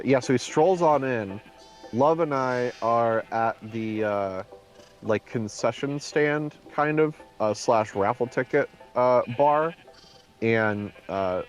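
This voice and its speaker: A man chatting casually in a mid-range voice, telling a story in loose, rambling sentences full of "uh" and "um". He acts out snippets of dialogue as he goes, and soft music plays in the background. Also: medium pitch. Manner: rambling, many fillers, acts out quotes. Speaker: co-host. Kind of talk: casual chat, anecdote.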